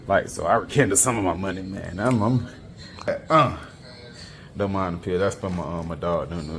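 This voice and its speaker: A laid-back man with a very low, deep voice chats through a car update in loose slang, his sentences trailing into fillers. A faint hiss of background noise sits under his phone-recorded voice. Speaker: car vlogger. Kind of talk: casual vlog chat.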